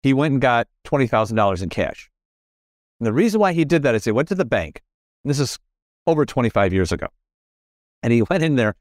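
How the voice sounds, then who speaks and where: A middle-aged man talks as a podcast guest in casual, earnest conversation about spirituality. He repeats phrases and restarts his sentences often. His medium-pitched voice is recorded close and dry, with no room echo. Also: big pitch swings, a little fast, long pauses. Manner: earnest, repetitive, self-correcting.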